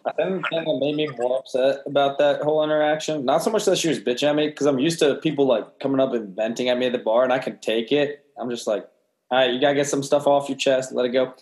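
A young man tells a story about working behind a bar. He talks offhandedly, laughs often and swears freely. His mid-pitched voice sounds roomy, with noticeable echo around it. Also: fast, darkish tone. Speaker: bartender. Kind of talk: casual storytelling chat.

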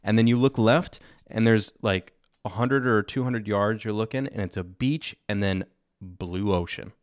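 A man's voice: fairly low pitch, moderate pace, no echo, clean studio sound. A man in his thirties, a podcast guest chatting casually in a laid-back, rambling way. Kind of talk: casual chat.

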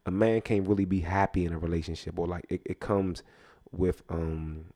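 A man co-hosting a podcast, from Jamaica, bantering playfully and putting on a loud, mock-stern teacher act. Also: low voice, steady tone, normal speed. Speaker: podcast co-host.

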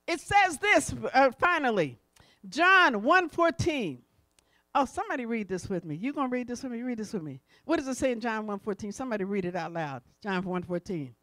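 High-voiced woman preacher, dry close sound. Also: very animated, brisk, no echo. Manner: preaching with big swings from hushed to loud. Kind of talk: sermon.

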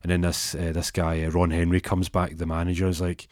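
Rambling male storyteller, very low voice, dry close mic. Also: completely flat delivery, brisk, a little mellow, dry recording. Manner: rambling, meandering. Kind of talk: casual spoken storytelling.

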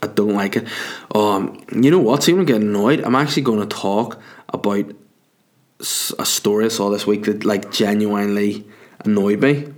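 A man's voice: on the low side, normal speed, a little mellow. A man delivering a profane, rambling comic rant, worked up and exaggerating. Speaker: comedian.

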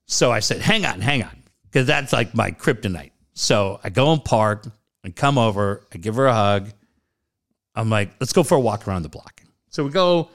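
Animated middle-aged man telling stories. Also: moderate pace. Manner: animated, swearing, jumps into loud high quoted voices. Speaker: storyteller in a chat. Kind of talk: casual chat.

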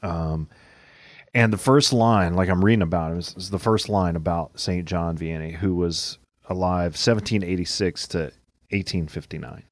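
A man with a very low voice chats casually on a podcast, wandering through his thoughts with plenty of filler words. The sound is dry and close to the mic. He talks as a co-host and husband and father. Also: normal speed, dry recording. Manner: rambling, lots of "like" fillers. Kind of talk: casual chat.

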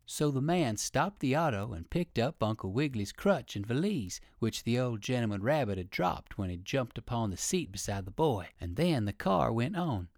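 A man reading an old children's storybook aloud, with lively sing-song storytelling. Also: mid-range voice, moderate pace, few pauses, no room sound, clean studio sound. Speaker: audiobook reader.

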